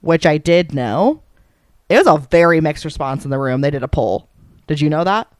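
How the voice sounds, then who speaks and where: A woman's voice: sits low, lively intonation, moderate pace, no room sound. Upbeat woman telling stories on a podcast. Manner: enthusiastic storyteller, supportive and teasing. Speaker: podcast co-host. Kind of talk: casual podcast chat.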